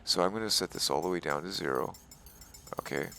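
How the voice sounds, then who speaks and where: Deep gravelly exasperated gaming tutorial guy. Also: brisk, sharp tone, slight background noise. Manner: exasperated, rambling, keeps repeating he's staying chill; calls the viewer dude. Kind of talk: screen-recorded game settings walkthrough.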